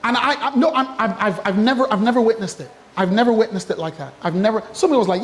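A man preaching a sermon as a pastor, animated and humorous, with asides to the congregation and acted-out quotes. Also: high voice, rapid-fire, few pauses.

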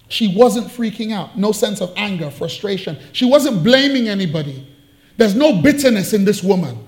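A man's voice: very high-pitched, expressive, a little fast. A man preaching a sermon, telling a story with playful asides and jokes.

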